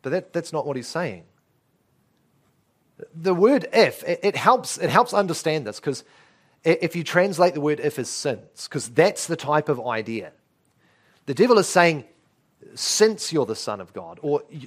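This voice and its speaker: A man preaches an expository sermon with a lively voice that swings widely in pitch. He asks rhetorical questions and leans hard on key words. His voice sits a touch higher than most men's. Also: unhurried, long pauses.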